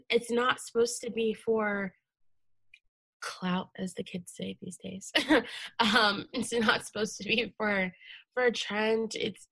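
A young American woman speaks as a podcast guest, sharing a heartfelt memory in an earnest, emotional way. Her voice sits in a middle pitch and is recorded dry and close, with no room sound. She talks casually, with many fillers and restarts. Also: a bit bright, husky, no room sound. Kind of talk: casual interview conversation.

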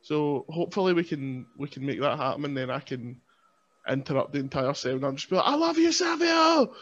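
A man's voice: medium pitch, fairly even intonation, fast, lo-fi sound. A man, a pro wrestler guesting on a podcast, chatting casually in a playful, self-mocking way and laughing often.

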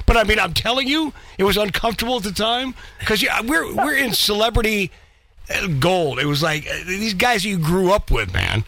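A man's voice: high-pitched, big pitch swings, normal speed, pushed and bright, no echo. A man, the host's brother, telling a rambling story in a casual chat.

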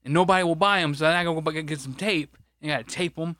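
Racing along in a slightly high, bright and forceful voice, a podcast co-host and grocery stocker vents in profane, casual talk. The studio-quality recording has no echo, and he rambles with plenty of frustration and swearing.

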